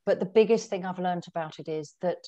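A middle-aged woman, an author, telling personal stories in a chatty, animated way with lots of fillers and restarts. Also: lowish voice, fairly quick. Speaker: guest author. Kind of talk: conversational storytelling.

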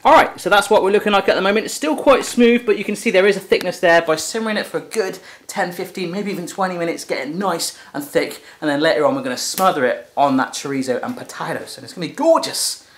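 A man's voice: high voice, quick pace, few pauses, a little hiss or hum. An English man hosting a playful home cooking demonstration, chatty and jokey, talking to the food as he cooks. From England. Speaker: cooking show host. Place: home kitchen.

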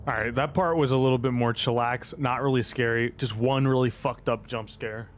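A man's voice: mid-range voice, steady tone, normal speed, slight background noise. Rambling, swearing young man streamer. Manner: rambling, swearing, joking reactions. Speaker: game streamer. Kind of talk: casual live commentary.

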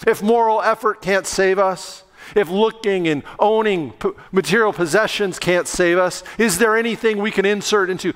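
A male pastor delivering a sermon with lively storytelling, now and then shouting out acted lines. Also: high voice, normal speed, clear, resonant tone. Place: church sanctuary. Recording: long reverb of a church sanctuary.

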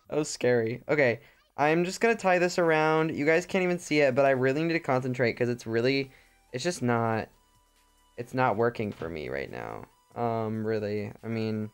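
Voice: mid-range voice, sing-song, a little slow, long pauses, smooth, faint music behind. A streamer chatting casually through a livestream while crafting, rambling and joking with mock drama.

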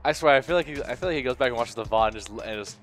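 A man's voice: medium pitch, a bit bright, soft background music. A man co-commentating a fighting game tournament, bantering in a rambling way. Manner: rambling, halting restarts.

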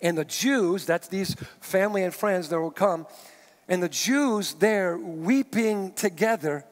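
A man with a high voice preaches a sermon in a large sanctuary, with reverb trailing behind each phrase. He reads scripture aloud and then steps out of it with casual asides and quick restarts. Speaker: pastor. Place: church sanctuary. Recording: long reverb of a large hall.

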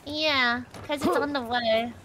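A woman's voice: high-pitched, a little slow, fairly bright tone. A woman playing a game with friends in casual chat, teasing and sing-song. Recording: very noisy voice chat.

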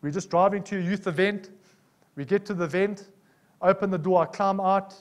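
A man's voice: high-pitched, a little fast. A man with a South African accent preaching a sermon, telling personal stories and often asking the congregation "Amen?". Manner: animated, personal storytelling with frequent "Amen?" calls.

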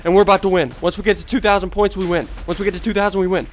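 A man with a stuffy, congested voice giving excitable live gameplay commentary as a video host, yelping and trash-talking opponents. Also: high-pitched, rapid-fire, a little hiss or hum.

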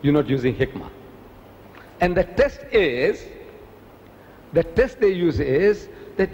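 Man preaching at a lecture, high-ish animated voice, long hall echo, faint room hum behind. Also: slow, long pauses. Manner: animated, rhetorical questions, repeats key words. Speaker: Islamic preacher and debater. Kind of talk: public lecture.

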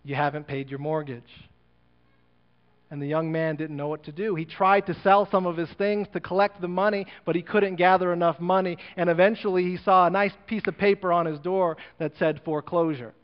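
A man's voice: high voice, fairly even intonation, fairly quick, hardly any pauses, clean tone. A male pastor telling a sermon story in a church, acting out the dialogue and building to an earnest appeal. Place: church sanctuary. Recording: muffled church recording with long reverb.

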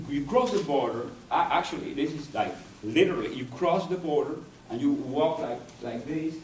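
A man lectures in an echoey university hall, his voice on the high side and a little mellow. He's a Cuban poet whose first language is Spanish, speaking haltingly, digressing and searching for words, recorded on a distant mic with faint noise.

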